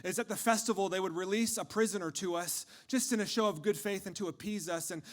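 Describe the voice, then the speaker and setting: A man delivering a dramatic first-person storytelling monologue, impassioned, swinging from hushed tones to shouting. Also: sits high, fast.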